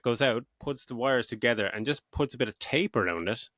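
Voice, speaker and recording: A man's voice: medium pitch, fast, fairly bright tone, no echo, studio quality. A middle-aged man hosting a podcast, retelling a film plot in a rambling, sweary, casual way. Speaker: podcast host. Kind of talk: casual film review chat.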